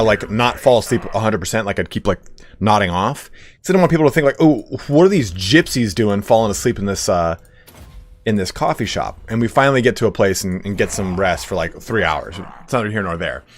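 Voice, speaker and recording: Rambling, lively male streamer. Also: lowish voice, fairly quick, slight background noise. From United States. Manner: chatty, swears freely, slips into mock voices. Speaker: game streamer. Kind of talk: casual rambling storytelling.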